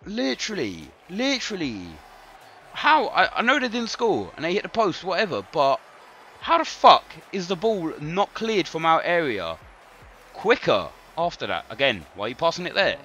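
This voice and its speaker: A man's voice: fairly high pitch, very animated, moderate pace, bright, forceful tone. A man live-streaming a football video game, swearing and ranting in frustration at his players. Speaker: gaming streamer. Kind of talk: live gameplay commentary. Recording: dull lo-fi stream audio with faint music.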